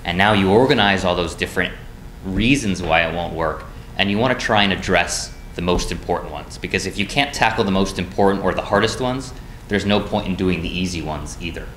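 A man with a very deep voice lectures methodically, laying out steps one by one for business students. The sound is roomy and echoing, with a faint background hiss. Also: fairly quick, fairly bright tone. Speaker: business school instructor. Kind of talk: recorded lecture. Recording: echoey room, faint noise.

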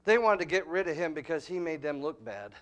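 A man with a high voice preaches a sermon, his delivery swinging from hushed asides to loud, emphatic peaks. He keeps checking in with the congregation through repeated questions and calls of "amen.". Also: sing-song, a little fast. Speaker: pastor.

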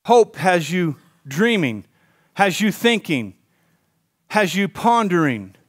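A man pastor preaching a sermon, swinging between hushed intensity and fired-up exclaiming, calling on the congregation to repeat lines after him. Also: high-pitched, sing-song, slow.

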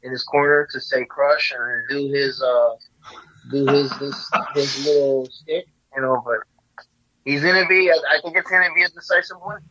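A man's voice: medium pitch, fairly even intonation, moderate pace, bright, forceful tone, lo-fi sound. A man co-hosting a casual wrestling predictions podcast, talking in rambling bursts with many restarts. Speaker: podcast co-host.

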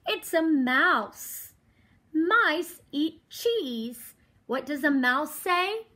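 Female developmental therapist at home, reading to a toddler; high, slow, very animated delivery. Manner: slow, exaggerated, prompting questions. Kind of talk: reading a picture book aloud to a toddler.

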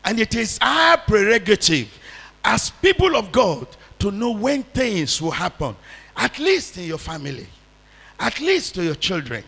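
Male pastor, fervent sermon, lively swinging pitch, long hall reverb. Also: unhurried, creaky, husky. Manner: fervent preaching, leads congregation in call-and-repeat prayer.

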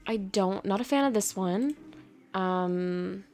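A woman's voice: medium pitch, takes it slowly, soft background music. Gushing woman narrating her game play. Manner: gushing, excitable, talks to her game horses. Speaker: gaming channel host. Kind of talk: casual game commentary.

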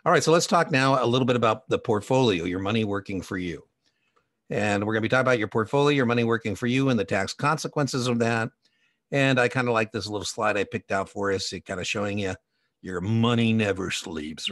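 A middle-aged man gives a relaxed exam prep lecture, drifting into anecdotes and side remarks as he goes. His voice sits on the lower side. The sound is dry and close, with no room around it. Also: brisk, no echo. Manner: chatty, digressive, with personal anecdotes and asides. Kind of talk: conversational recorded lecture.

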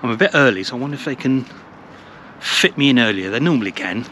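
A man's voice: mid-range voice, animated, quick pace, pushed and bright. Chatty man vlogging on a village walk. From England. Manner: chatty, rambling, repeats words. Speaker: travel vlogger. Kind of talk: casual walking vlog narration. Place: outdoors in a village, walking. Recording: outdoor recording with clear traffic noise.

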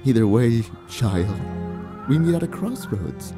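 A man voicing a cryptic, sly old female witch in game dialogue, speaking in a hushed, measured, teasing way. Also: medium pitch, lively intonation, over music, close to an everyday voice.

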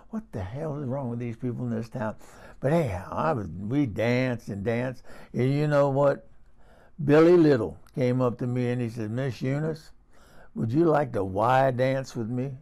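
Comic radio bit: a folksy, rambling older small-town gossip with a gravelly mid-range voice, played by a man. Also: mid-range voice, a little mellow. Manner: rambling, folksy, keeps addressing the listener by name. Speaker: radio comedy character.

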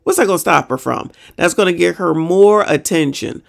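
A woman's voice: on the low side, lively intonation, normal speed, creaky. A woman hosting a reaction show, ranting in a sassy, exasperated way with mild profanity. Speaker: reaction channel host. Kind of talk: reaction commentary.

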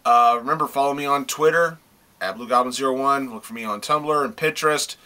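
A man's voice: mid-range voice, fairly quick, sharp tone. A man reviewing comic books in a casual video, gushing with praise and swearing freely as he talks. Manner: gushing praise, repeats himself.

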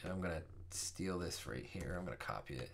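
Low-voiced man teaching code, thinking aloud. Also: animated, fairly quick, vocal fry, slight background noise. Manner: thinking aloud, many fillers and self-corrections. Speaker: programming instructor. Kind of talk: casual screencast coding tutorial.

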